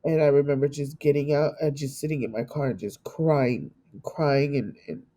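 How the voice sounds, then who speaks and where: A middle-aged woman from California telling a painful personal story in an interview, emotional and halting, often repeating herself and acting out what others said. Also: sits low, fairly even intonation, dark tone. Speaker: guest telling her story.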